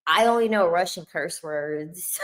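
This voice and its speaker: A woman talks in an unhurried, drawn-out way, chatting casually on a livestream. Her voice sits a little low for a woman. She is playful, laughs a lot and drops slangy remarks to her viewers. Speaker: livestreamer reading chat.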